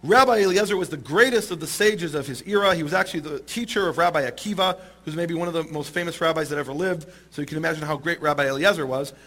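A man telling a story in an animated, amused way to a listening audience. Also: on the high side, fast talker, few pauses. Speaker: speaker. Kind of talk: storytelling talk.

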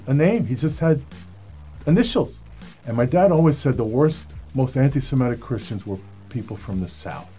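Sharing his personal faith testimony, a man with a darkish, mid-range voice tells an earnest story and performs the voices of the people he quotes.

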